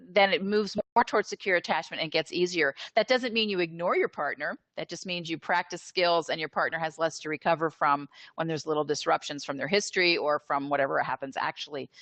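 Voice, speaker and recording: A woman being interviewed as a therapist, explaining in an animated, conversational way with filler words, over a video call. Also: sits low, no echo. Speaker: interview guest, attachment therapist.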